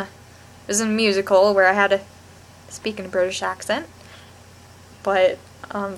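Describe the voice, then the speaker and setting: A young woman chats casually to camera in a vlog, gushing and rambling through a TV review with lots of restarts. Her voice is mid-range with a fairly bright tone.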